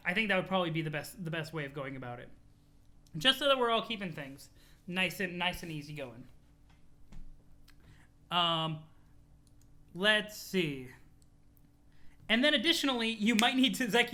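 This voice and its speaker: A streamer casually chatting with viewers and reading a webcomic aloud, in an animated, chatty way with casual swearing. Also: medium pitch. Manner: thanks chat followers, talks to viewers.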